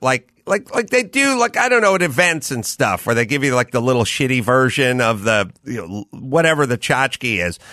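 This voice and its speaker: A man's voice: medium pitch, bright, forceful tone, no room sound, studio quality. A man hosting a podcast, chatting casually and telling profane stories with acted-out quotes. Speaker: podcast host. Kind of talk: casual chat.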